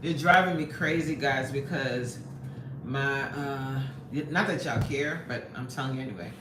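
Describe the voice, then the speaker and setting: The same kind of casual comment-reading livestream comes from a New York woman with a bass voice who takes her time. She laughs a lot and greets viewers by name, sounding off mic in an echoey room with background noise.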